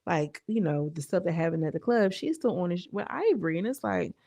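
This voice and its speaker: A young woman talks through a reality episode in loose, slang-filled chat, stopping often to check that the listener follows. Her voice has a gravelly, frying edge. The sound is close and dry, with no room around it. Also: lowish voice, lively intonation, a little fast, hardly any pauses, dark tone, no echo. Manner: chatty, slangy, retells scenes with lots of asides. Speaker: reality show recap commentator. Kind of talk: casual recap chat.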